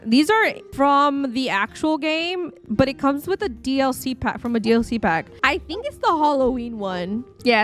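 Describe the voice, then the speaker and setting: Young female game streamer, slightly high voice, loose rambling chat with viewers, light music bed. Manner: chatty, rambling, reacting aloud to the game. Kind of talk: casual live-stream commentary.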